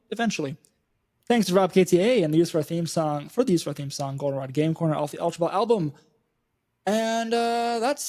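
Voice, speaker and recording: A man hosting a casual gaming podcast, sounding upbeat and easygoing. His voice sits a little higher than most men's. He talks in a chatty, self-deprecating way. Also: warm tone. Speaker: podcast host.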